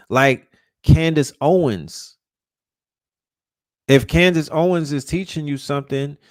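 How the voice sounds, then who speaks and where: A man's voice: medium pitch, a little mellow, no room sound, studio quality. Heated, profane man ranting. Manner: repeats and restarts words when fired up. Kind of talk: casual rant.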